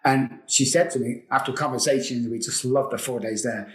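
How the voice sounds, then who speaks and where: A man's voice: mid-range voice, normal speed. Earnest man, roomy echo. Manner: earnest, confessional, repeats phrases for emphasis. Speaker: guest, addiction recovery expert. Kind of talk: emotional personal storytelling.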